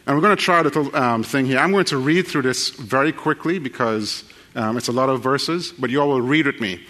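A man preaching a sermon, joking with the congregation and then reading scripture quickly. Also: mid-range voice, a bit bright, big-room sound. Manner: folksy, joking, addresses the crowd directly.

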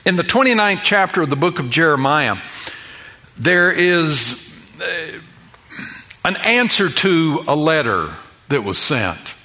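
A man's voice: fairly high pitch, very animated, takes it slowly, pauses often, sharp tone. A middle-aged man preaching a sermon as pastor, emphatic and building his points through repeated phrases.

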